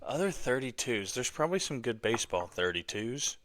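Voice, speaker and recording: A man's voice: medium pitch, very animated, moderate pace, fairly bright tone. A man hosting a sports podcast in casual chat, joking dryly and steering the talk. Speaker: podcast host.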